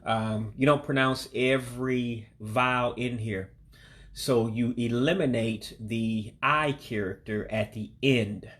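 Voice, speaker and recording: A man giving a language lesson, patiently repeating vocabulary words slowly and breaking each one down. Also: mid-range voice, fairly even intonation, fairly bright tone. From heritage learner of Igbo descent. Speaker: language learner teaching vocabulary.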